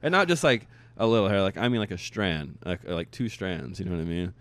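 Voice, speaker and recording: A young man tells a story in casual chat, cursing freely and acting out the quotes. His voice sits on the low side. The sound is dry and close. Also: fairly quick, dry recording. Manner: animated, profane storytelling, acts out quotes.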